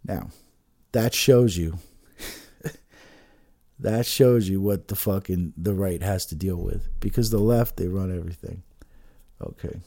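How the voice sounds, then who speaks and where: A man's voice: low-pitched, measured pace, vocal fry, long pauses, dark tone. A man giving an agitated, profane political rant, full of restarts and swearing. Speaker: political commentator. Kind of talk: ranting political monologue.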